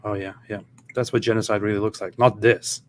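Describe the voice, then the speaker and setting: Sardonic low-voiced stream co-host, a man. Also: little pitch movement, brisk, a little hiss or hum. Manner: sardonic, talks over clips. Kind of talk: casual livestream commentary.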